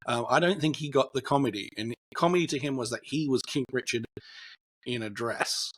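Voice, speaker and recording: A man's voice: medium pitch, fairly quick, a bit bright, breathy edge. A young man co-hosting a podcast, chatting loosely about a film and telling stories behind it with lots of fillers. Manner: rambling, storytelling, many fillers. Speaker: podcast co-host. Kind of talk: casual film chat.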